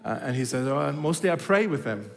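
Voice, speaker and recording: A man's voice: fairly high pitch, animated, a little fast, creaky, big-room sound, soft background music. A man preaching a sermon, telling a story and acting out its dialogue, with frequent restarts. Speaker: pastor. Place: church hall.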